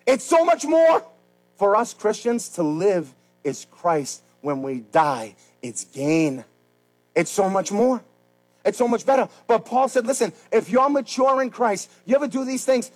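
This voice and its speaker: A man preaching a sermon as pastor, swinging between loud, fervent rises and quiet, slow pleas. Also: high voice, lively intonation, poor audio.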